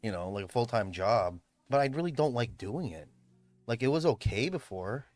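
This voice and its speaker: A man's voice: medium pitch, lively intonation, normal speed, darkish tone, no echo. A man chatting casually on a livestream from his room at home, rambling, swearing and laughing often. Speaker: livestreamer and event host. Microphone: streaming mic.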